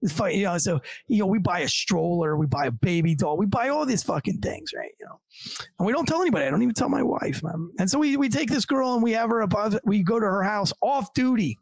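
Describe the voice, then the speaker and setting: Man, cop, gravelly husky voice, profane casual storytelling, acts out other people's lines. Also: sits high, lively intonation, quick pace, dry recording. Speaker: police officer telling a story as podcast guest.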